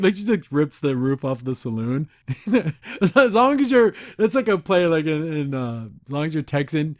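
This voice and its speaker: A man's voice: on the high side, very animated, no echo, clean studio sound. A man hosting a podcast, casually recapping a cartoon episode in a chatty, gushing way with frequent laughs. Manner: chatty and gushing, often laughing, acts out characters in quick voices.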